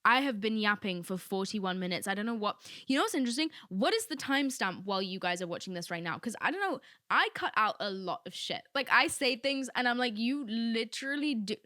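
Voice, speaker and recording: A young woman talks through a solo podcast episode in a loose, candid ramble, full of filler asides. Her tone is bright and lively. The recording is dry and close, with no room around her. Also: medium pitch, brisk, hardly any pauses, no room sound. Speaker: podcast host. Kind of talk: casual solo podcast monologue.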